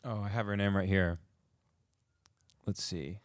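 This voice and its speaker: A man's voice: low-pitched, fairly even intonation, measured pace, no room sound, clean studio sound. A man working as a podcast producer, giving brief, offhand answers from off-mic.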